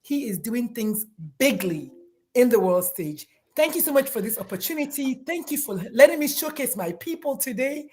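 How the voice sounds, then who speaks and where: A woman with a high voice, a pediatrician guest on a casual online show. She speaks with passion and strong emphasis, her praise rising into emotion. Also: lively intonation, normal speed, darkish tone.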